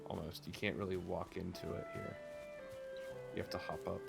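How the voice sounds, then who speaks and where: A man's voice: low voice, flat delivery, moderate pace, vocal fry, loud music behind the voice. A man playing along in a gaming stream, giving laid-back, brief replies. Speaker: co-player. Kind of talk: casual gaming chat.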